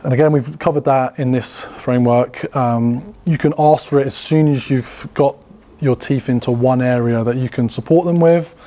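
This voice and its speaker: A man with a dark-toned, mid-range voice runs an informal sales workshop at normal speed. As a sales trainer, he explains in a talkative style peppered with fillers and restarts.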